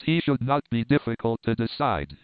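A scheming doctor, solemn and persuasive, who lays out dark news slowly, voiced by a male reader. The tone is smooth and close with no room sound, squeezed into a thin, phone-like band. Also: medium pitch, sing-song, no echo, natural voice. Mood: grave. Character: scheming grave male doctor, middle-aged.

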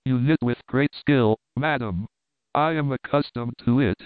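A man voicing an oily, sinister male spy, smooth and ingratiating, in a storybook reading. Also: medium pitch, unhurried, dry recording, natural voice. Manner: smooth, ingratiating, fishing for confidences. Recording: tinny phone-like audio.

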